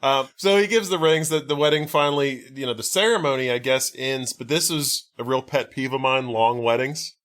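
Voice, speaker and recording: A man's voice: mid-range voice, normal speed, few pauses, a bit bright. A man co-hosting a podcast, recapping a movie in casual chat with wry, profane asides and lots of fillers. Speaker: podcast co-host.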